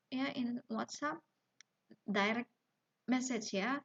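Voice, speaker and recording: Slow, careful woman teacher, lo-fi audio. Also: high voice. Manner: slow, careful explaining with many fillers and "yeah?" checks. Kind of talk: recorded online lesson. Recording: dull lo-fi home video audio.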